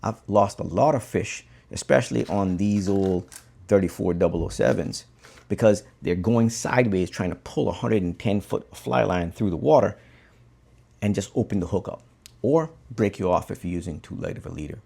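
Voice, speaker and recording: A man from the Cayman Islands, a bonefish guide, telling a fishing story in a relaxed, conversational way while tying a fly. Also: on the low side, normal speed, gravelly, slightly rough.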